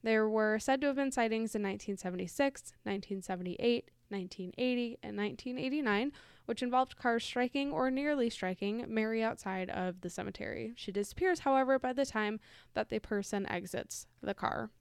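A woman's voice: fairly high pitch, a little fast, smooth, no room sound, clean studio sound. A woman co-hosting a casual podcast, reading ghost stories aloud in a chatty way, laughing easily and correcting herself. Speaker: podcast co-host.

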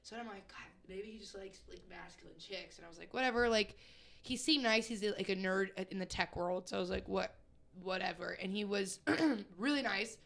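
A woman comedian co-hosting a podcast, telling an animated story in casual chat and laughing as she goes. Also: medium pitch, normal speed, gravelly.

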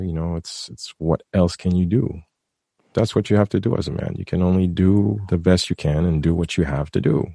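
A man with a very low, gravelly voice tells a personal story in a relaxed podcast chat. He is earnest and heartfelt, and he often stumbles and restarts his sentences as he goes. The sound is close and dry. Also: brisk, no echo. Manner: earnest, rambling, with frequent restarts. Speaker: guest telling a personal story. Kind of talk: casual podcast conversation.

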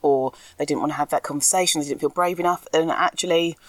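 A woman's voice: deep voice, fairly even intonation, quick pace, dry recording. A woman in casual podcast chat, speaking candidly and animatedly, laughing often and admitting she can be ranty. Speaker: podcast co-host, school anti-racism educator.

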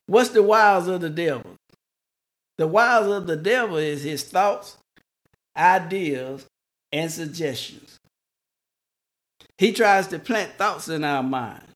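Slow, emphatic male preacher. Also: on the high side, expressive, a bit bright. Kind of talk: sermon.

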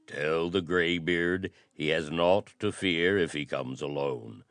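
A man's voice: low voice, takes it slowly, fairly bright tone, no echo, exaggerated voice. A man voicing a stern young prince who speaks in a cold, menacing way.

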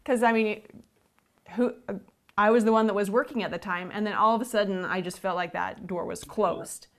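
A woman in her thirties recounts events from her life in a clear, matter-of-fact conversational voice. She moves through the details plainly, as if telling a friend. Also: mid-range voice, normal speed. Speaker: guest, his wife. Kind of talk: conversational storytelling.

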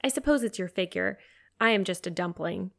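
A woman reading aloud, voicing a gentle, admiring teenage girl friend. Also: mid-range voice, a little fast, gravelly. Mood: fond.

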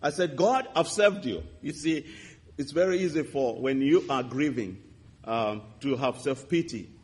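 A man preaching a sermon, telling a testimony with impassioned swings between loud and hushed delivery. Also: mid-range voice, moderate pace, breathy edge. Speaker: pastor. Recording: reverberant hall.

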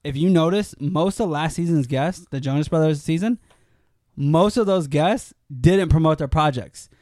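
Podcast dude, slightly high voice, jumps in a lot, dry room. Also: male voice, normal speed, mellow, no echo. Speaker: podcast co-host. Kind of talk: casual chat.

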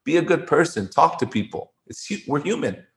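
A man's voice: a little high, very animated, fairly quick. A man, a former poker player, talking as an interview guest, earnest and given to repeating words and restarting. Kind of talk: conversational interview storytelling.

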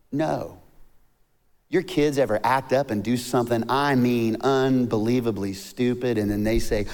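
A man, a pastor preaching a sermon in a lively, story-telling way. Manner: animated, rises to high emphatic peaks, tells jokes and stories. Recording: long hall reverb.

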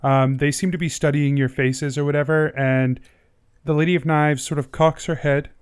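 A man's voice: a little high, fairly even intonation, moderate pace, clear, resonant tone. A man narrating a tabletop game as game master, in a casual, laid-back way with many fillers.

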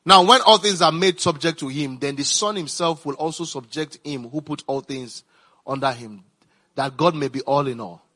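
A male pastor preaching with a bright, forceful tone and a slightly higher-than-average voice. He moves between reading scripture and pressing asides, often repeating his phrases for emphasis. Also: moderate pace.

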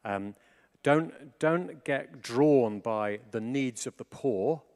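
A man preaching a sermon in a chatty, animated way, full of asides and restarts. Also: medium pitch, slow.

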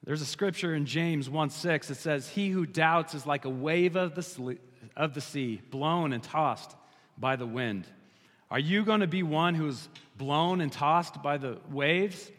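Animated preaching man in a reverberant hall. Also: on the high side. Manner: animated, slows down to stress key lines. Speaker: pastor. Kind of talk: sermon.

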